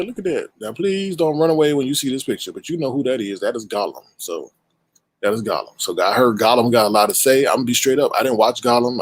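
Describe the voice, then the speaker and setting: A man's voice: medium pitch, breathy edge, no room sound, poor audio. A man hosting his own livestream show, greeting viewers one by one in a casual, playful way. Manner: playful, animated shout-outs with drawn-out greetings. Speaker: show host and creator.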